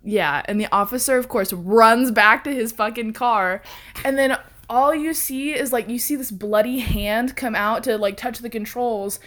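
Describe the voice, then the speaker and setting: A woman telling a story in a casual chat, animated, laughing often and swearing freely. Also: a little high, unhurried.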